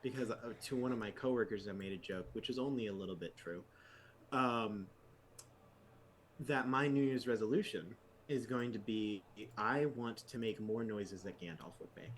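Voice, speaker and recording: A man co-hosting a tabletop game podcast in casual chat, telling an exasperated story with big jumps in pitch. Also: normal speed, a little hiss or hum. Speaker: podcast co-host.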